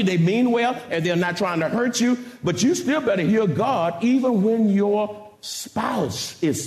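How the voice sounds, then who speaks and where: Preaching man, lively and echoey. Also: high voice. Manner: dramatic, rising to shouts, call-and-response. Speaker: pastor. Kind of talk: sermon.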